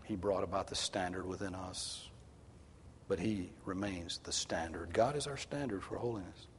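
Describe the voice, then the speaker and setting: A male pastor preaching a sermon, swinging from hushed tones to loud, emphatic exhortation. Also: low voice, moderate pace, a little hiss or hum. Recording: long hall reverb.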